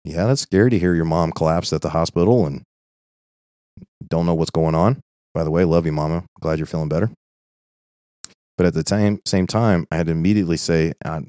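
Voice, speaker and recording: Deep-voiced earnest man leading Bible study. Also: fairly even intonation, brisk, long pauses, warm tone, no echo, studio quality. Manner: earnest, conversational, repeats points with "okay?". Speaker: Bible teacher.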